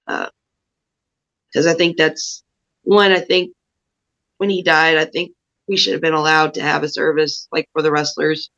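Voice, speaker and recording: A woman pro wrestler appears as a guest on a podcast, talking earnestly and thoughtfully in a casual way. Her audio is muffled and lo-fi, with the highs cut off. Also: flat delivery, moderate pace, pauses often, fairly bright tone. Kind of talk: casual interview talk.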